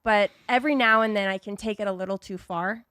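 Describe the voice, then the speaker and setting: A woman's voice: mid-range voice, fairly even intonation, fast, pushed and bright, clear, resonant tone, no echo, studio quality. A woman hosting a podcast, talking in an upbeat, playful way. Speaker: podcast host. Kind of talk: casual chat.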